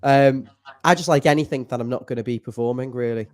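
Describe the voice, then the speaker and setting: A middle-aged man talks casually and jokes easily, sometimes breaking into falsetto snatches of song. His voice sits at an ordinary middle pitch. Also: fast. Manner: jokey, breaks into falsetto singing. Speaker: fan show co-host. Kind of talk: casual chat.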